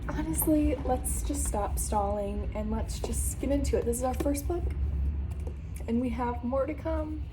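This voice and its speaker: A woman's voice: high voice, noisy background. A young woman talking to camera about books in a chatty, dramatic, self-mocking way. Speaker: book vlogger. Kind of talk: casual vlog to camera. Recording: background music under voice. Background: music.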